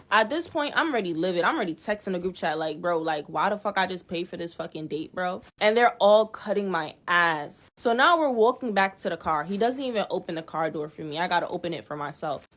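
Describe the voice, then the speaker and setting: A young woman from New York telling a bad date story in a casual, animated, profane way, speaking into a phone mic. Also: mid-range voice.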